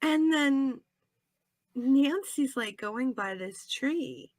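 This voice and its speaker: A woman co-hosting a casual podcast chat, animated and laughing often, acting out what characters say. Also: high voice, extremely slow, no echo. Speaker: podcast co-host.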